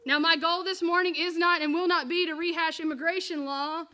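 A woman pastor preaching a sermon and telling a personal story, in an earnest, measured way. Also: very high voice, steady tone, pushed and bright.

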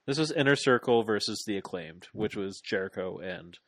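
A man co-hosting a casual podcast, recapping a wrestling match in a rambling, animated play-by-play full of fillers. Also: on the low side, moderate pace, no echo. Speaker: podcast co-host.

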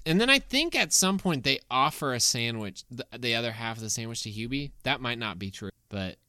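A woman in casual conversation, retelling a movie plot quickly with lots of restarts. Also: very deep voice, lively intonation, sharp tone, no echo, studio quality. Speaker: podcast co-host. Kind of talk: casual movie recap chat.

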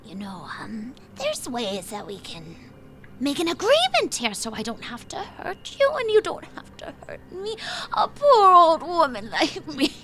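A shrill cackling swamp hag. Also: female voice, wildly swooping pitch, a little slow, heavily acted. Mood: scheming. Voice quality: distorted, cackling voice. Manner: swoops between whispers and shrill high notes. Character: cackling old female hag of the swamp, wheedling and sly.

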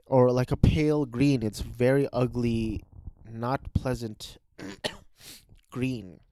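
A man's voice: mid-range voice, fairly even intonation, slow, dark tone. A man casually reviewing cartoon specials in a rambling, hesitant way, with frequent restarts.

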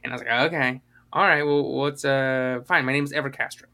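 A man's voice: mid-range voice, steady tone, a little fast, bright, forceful tone. A man co-hosting a podcast, rambling through a story with lots of fillers and acted-out quotes. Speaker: podcast co-host. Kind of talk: casual podcast chat.

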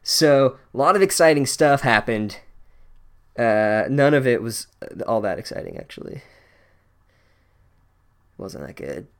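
A man's voice: medium pitch, very animated, a little slow, gravelly, pauses often, clean tone. A man giving a comedic chapter recap in a sarcastic, profane, rambling way, full of "like"s. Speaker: book recap host.

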